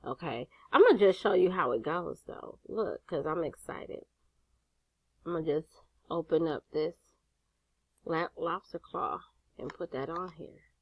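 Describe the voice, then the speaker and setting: A sassy older woman talks through a craft tutorial at an unhurried pace, her pitch swinging up and down as she chats. She swears now and then. The room is dry and close, with no echo. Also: lively intonation, vocal fry, husky, dull audio. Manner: sassy, chatty, swears casually. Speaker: jewelry-making instructor.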